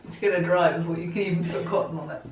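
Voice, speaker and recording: A woman's voice: lowish voice, fairly even intonation, rapid-fire. A young woman chatting and joking as a cosplay co-host, giggling and rambling. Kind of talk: casual banter. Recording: echoey room, mic far off, faint hiss.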